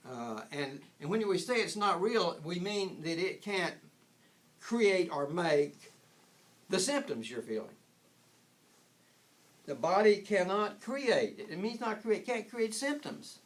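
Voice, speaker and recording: A man's voice: sits high, big pitch swings, takes it slowly. An older man giving an informal spiritual talk, rambling with frequent restarts and chuckling at his own points. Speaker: spiritual teacher.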